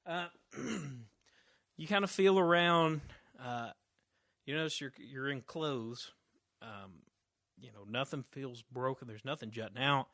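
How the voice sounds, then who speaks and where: Bright-voiced man narrating as game master. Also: mid-range voice, takes it slowly, no echo, studio quality. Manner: relaxed, many fillers and restarts.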